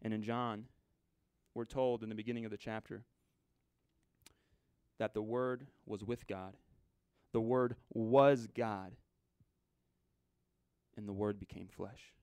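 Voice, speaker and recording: A man preaching a sermon in a conversational way, swinging from loud, urgent lines to hushed ones. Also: lowish voice, steady tone, slow pace, long pauses, smooth, no echo.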